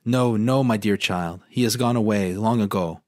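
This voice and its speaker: A man reading aloud a gentle mother comforting her child, from a book. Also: on the low side, moderate pace, no room sound, studio quality, close to an everyday voice. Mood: soothing.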